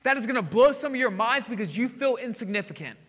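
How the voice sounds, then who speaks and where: Excitable guy preaching, high bright voice, lots of hall echo, goes loud then hushed. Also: fast talker. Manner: excitable, swings between loud exclamations and hushed asides. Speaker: pastor. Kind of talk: sermon. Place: church sanctuary. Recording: hall reverb.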